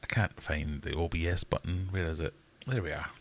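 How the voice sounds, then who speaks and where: A man's voice: sits low, brisk. A man hosting a casual livestream, answering chat in a rambling, wry, self-mocking way. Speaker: livestream host reading chat.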